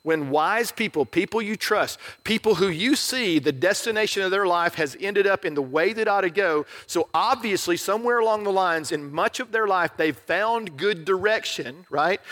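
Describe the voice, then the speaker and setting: A man's voice: fairly high pitch, fairly bright tone. A middle-aged male pastor preaching a sermon in a conversational, joking way, often checking in with the crowd.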